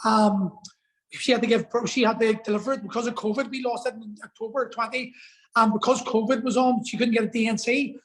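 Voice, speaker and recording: A man's voice: very high-pitched, fairly even intonation, brisk, a bit bright, poor audio. A man telling a personal story as a podcast guest, earnest and emotional, swearing for emphasis.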